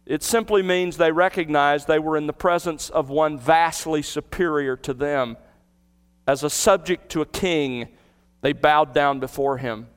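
A man with a high, smooth, resonant voice delivers an expository sermon from the pulpit. He teaches earnestly, retells the scene vividly and asks his listeners rhetorical questions. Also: measured pace. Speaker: pastor.

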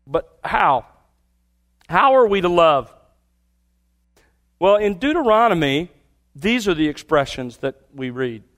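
Man, preacher, slightly high voice, emphatic, repeats key words, sermon. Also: big pitch swings, slow pace, pauses often, fairly bright tone. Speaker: pastor.

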